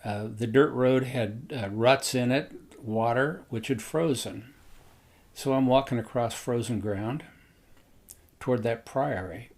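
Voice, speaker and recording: A man casually telling a personal story in an unhurried, rambling way, often pausing on "uh". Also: medium pitch, a little mellow. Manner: unhurried, rambling, with frequent hesitations.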